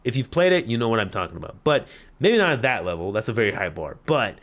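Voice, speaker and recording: A young man reacting to a game trailer in casual commentary, excitable and slangy, swearing freely. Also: fairly low pitch, quick pace. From Canada. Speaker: gaming YouTuber.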